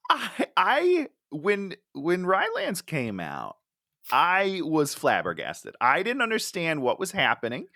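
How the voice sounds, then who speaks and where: A woman's voice: lowish voice, wildly swooping pitch, slow, pushed and bright, no room sound, clean studio sound. A woman co-hosting a podcast, reacting emphatically in casual movie review chat. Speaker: podcast co-host.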